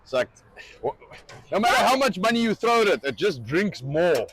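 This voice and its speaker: A man's voice: sits high, very animated, normal speed, a bit bright. A man with a South African accent, cooking and co-hosting, talking casually and bluntly with some swearing. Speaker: cook and co-host. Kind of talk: casual chat while cooking.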